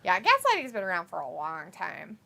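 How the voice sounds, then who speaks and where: A woman hosting a live watch-along stream, reading viewer chat messages aloud with quick laughs in casual talk. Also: fairly low pitch, huge pitch swings, gravelly, bright, forceful tone.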